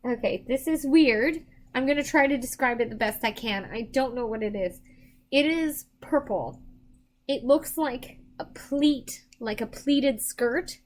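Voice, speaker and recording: A woman's voice: high-pitched, measured pace. A tired woman doing psychic readings on a live stream, chatting casually with viewers and rambling with many restarts. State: tired, yawning.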